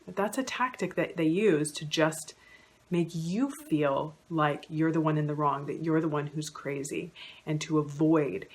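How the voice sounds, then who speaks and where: A woman's voice: sits low, a little slow. A woman counsellor giving an educational talk to camera, conversational with many "you know" fillers, acting out quoted lines. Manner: acts out quoted lines in a raised voice.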